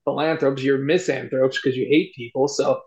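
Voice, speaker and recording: A man co-hosting a sports podcast, teasing his friends loudly and swearing in casual banter. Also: medium pitch, steady tone, a little fast, lo-fi sound. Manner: loud, teasing, profane. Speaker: podcast co-host.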